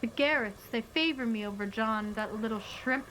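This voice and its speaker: A woman voicing a cryptic old man who talks slowly and solemnly, like a preacher. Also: fairly high pitch, fairly bright tone, slight background noise, lightly acted, rough recording. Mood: ominous.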